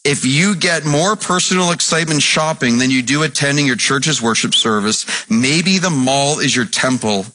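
A man preaching a sermon as pastor, impassioned, swinging between shouted passages and low, earnest talk. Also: normal speed, few pauses.

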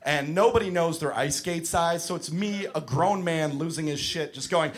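A young man doing stand-up storytelling, profane and exasperated, breaking into shouts. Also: fairly high pitch, normal speed, few pauses. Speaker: stand-up comedian. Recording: live comedy club with audience laughter.

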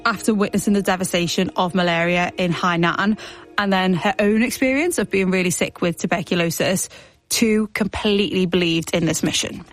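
A woman presenter narrating a scripted radio documentary in a clear, explanatory way. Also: fairly low pitch, normal speed, faint music behind.

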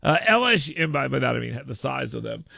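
Gravelly, bright-voiced male show host. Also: mid-range voice, very animated, quick pace, no echo. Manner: stammering, repeats his words often. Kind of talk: casual live-stream commentary.

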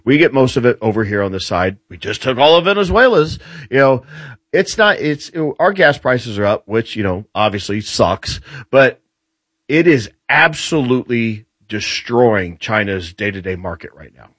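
Animated male guest explaining with relish. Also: medium pitch, no room sound. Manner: animated explainer, quick restarts. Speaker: guest commentator on US military. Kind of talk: casual explanatory talk show chat.

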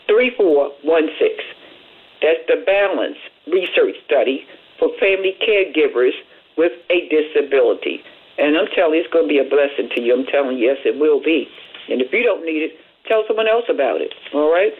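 A woman hosting a community radio show, reading announcements in a folksy way and chatting with listeners as she repeats phone numbers slowly. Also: sits low. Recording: tinny phone-like radio audio.

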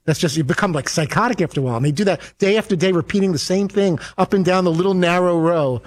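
A man's voice: high voice, quick pace. A man co-hosting a casual chat show, rambling earnestly and questioning himself. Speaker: co-host.

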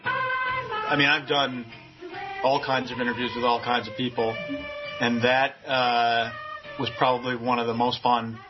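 Brief: male writer-interviewer, relaxed and hesitant, muffled sound, music under. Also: mid-range voice, a little slow, long pauses. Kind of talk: casual interview talk.

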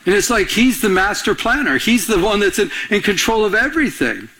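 A middle-aged man preaching a sermon in a husky, breathy voice that sits a little high for a man. He tells a personal story and acts out each side of the conversation as he goes. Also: sing-song, fairly quick, pushed and bright. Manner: storytelling, acts out both sides of dialogues. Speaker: pastor.

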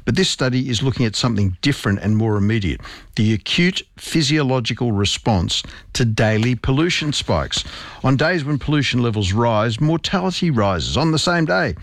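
A man's voice: medium pitch, lively intonation, normal speed, dry recording, clean studio sound. A middle-aged male doctor explaining medical research in an interview, emphatic and precise with technical terms.

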